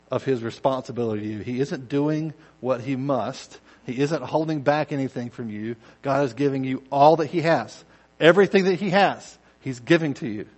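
A man preaches a conversational sermon in a slightly high voice. He drops to near-murmurs, then swells into loud, emphatic bursts, and slips into quick asides where he acts out other voices. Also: low-quality recording. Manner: swings from quiet intensity to loud emphatic bursts. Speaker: pastor.

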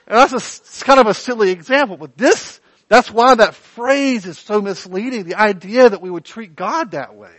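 A man preaching a sermon in an animated, conversational way with playful asides. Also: high-pitched, moderate pace, few pauses, no room sound, low-quality recording. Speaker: pastor.

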